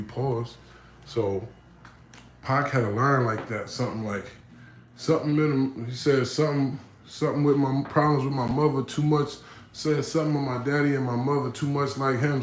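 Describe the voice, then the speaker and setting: A man casually telling his life story, often checking in with the listener, growing animated when he acts out other people. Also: mid-range voice, roomy sound, slight background noise, low-quality recording. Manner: conversational, frequent "you know what I'm saying", animated when quoting others. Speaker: vlogger.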